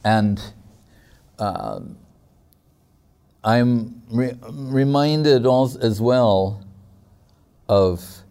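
Man, mellow tone, devotional teacher, reflective storyteller, halting delivery. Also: medium pitch. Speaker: spiritual teacher. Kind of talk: devotional discourse.

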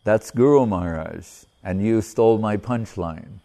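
A spiritual teacher with a fairly low, creaky, dark voice gives an unhurried, informal religious talk. He rambles, breaks off mid-phrase, and chuckles at his own stories.

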